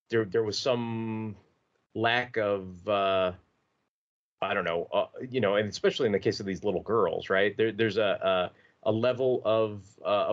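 Male podcast co-host, lowish voice, rambling and profane, muffled lo-fi recording. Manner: rambling, halting, swears freely. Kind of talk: casual podcast discussion. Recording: dull lo-fi podcast audio.

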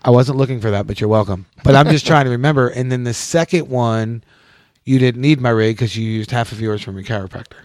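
Casting: male podcast host, blunt and profane, mid-pitched, dry close sound. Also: brisk, a little mellow, no room sound. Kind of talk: casual podcast chat. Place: outdoors.

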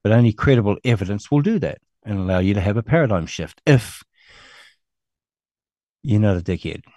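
A man's voice: on the low side, expressive, fairly quick, mellow, no room sound, clean studio sound. A middle-aged man with a New Zealand accent hosts an online show, ranting angrily and scornfully with a lot of swearing. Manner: angry, scornful, profane ranting. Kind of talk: ranting monologue.

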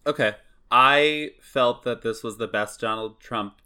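A man co-hosting a podcast, chatting casually and giving animated, drawn-out emphasis. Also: mid-range voice, clean tone. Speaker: podcast co-host.

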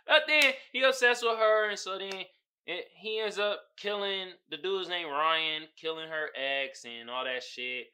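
A man's voice: sits high, measured pace, clean tone. A young man hosting a podcast, recapping a show in loose, profane casual chat and putting on voices for its characters. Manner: profane, animated recapping with quoted voices and laughter. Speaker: podcast host.

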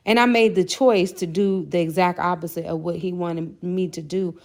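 A woman's voice: fairly low pitch, steady tone, moderate pace, darkish tone. A woman sharing a candid personal faith testimony as a podcast guest, earnest and full of "you know" fillers.

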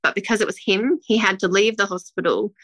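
A woman's voice: medium pitch, brisk, fairly bright tone, dry recording. A woman, a guest telling a personal story in a rambling, emotional way with many restarts. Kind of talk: casual interview talk.

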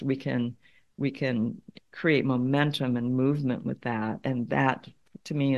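A middle-aged woman with a notably low-pitched voice, speaking as an interview guest. She tells her story thoughtfully, repeating words as she finds her way through each point. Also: gravelly, a little mellow. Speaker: conflict consultant and guest.

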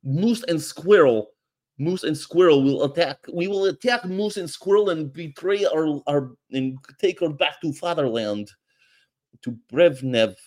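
A man voicing a gruff Soviet cartoon-villain man, mocking and menacing. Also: on the high side, measured pace, a little mellow, voice pushed up, lightly acted.

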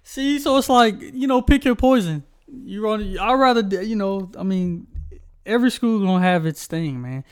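With a high, clear and resonant voice at normal speed, a young man co-hosting a podcast tells rambling, casual stories loaded with filler words.

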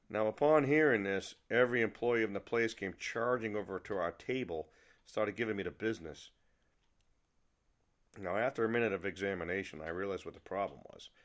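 Wry middle-aged man telling a story. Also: fairly low pitch. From New England. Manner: wry, lively storytelling with asides. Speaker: podcast host. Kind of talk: personal storytelling.

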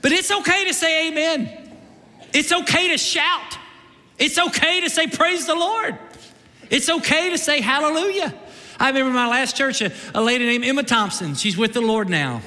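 A man preaching a lively, joking sermon as pastor, shifting into loud shouts and mock voices. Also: very high voice, normal speed, in a large hall. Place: church sanctuary.

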